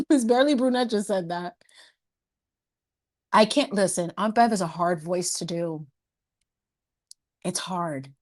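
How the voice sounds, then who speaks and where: A woman's voice: lowish voice, measured pace, pauses often, darkish tone. A woman hosting a casual livestream chat, playful and sassy, laughing often and dropping in Spanish words. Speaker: livestream host.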